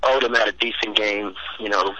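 A man's voice: fairly low pitch, normal speed, dry recording. Teasing man on a tinny phone line. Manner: relaxed, teasing, rambling analysis. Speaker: caller, sports fan. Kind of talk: casual sports chat.

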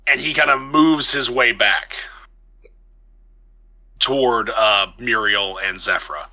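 Bright-voiced male game master. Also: medium pitch, slow, poor audio. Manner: casual, stops to correct himself mid-sentence. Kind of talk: narrating a tabletop game over a call.

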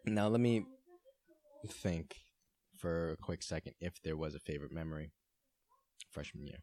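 Very deep and warm, this twenty-something co-host's voice carries fast, casual podcast stories. He laughs and swears a lot as he tells them.

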